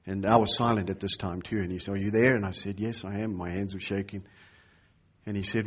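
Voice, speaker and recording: A man's voice: fairly low pitch, steady tone, brisk, breathy edge. A man, a pastor, preaching a sermon and telling a personal story, acting out the voices of the people in it. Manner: storytelling, acts out quoted voices.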